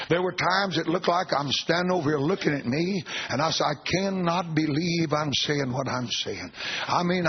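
A man preaches with a husky, breathy voice, pitched a little high for a man. He tells his story as a sermon and acts out the voices of those in it. The recording is dull and lo-fi. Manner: animated testimony, quoting God and others.

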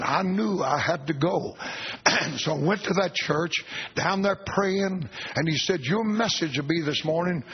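A man preaching, telling a story from his own ministry with animated testimony and quoted dialogue. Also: fairly high pitch, slight background noise. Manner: animated testimony, quoting God and others. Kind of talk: sermon storytelling. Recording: dull lo-fi recording.

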